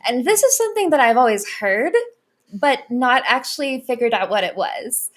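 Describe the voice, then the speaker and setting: Slightly high-voiced woman cohosting, giggly chatty podcast talk. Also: very animated, moderate pace. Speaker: podcast co-host. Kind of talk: casual chat.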